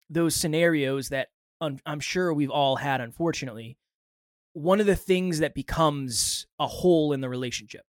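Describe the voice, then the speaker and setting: A man's voice: on the high side, dry recording, studio quality. A man co-hosting a podcast, reflecting on past mistakes and summing up advice in casual talk. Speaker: podcast co-host.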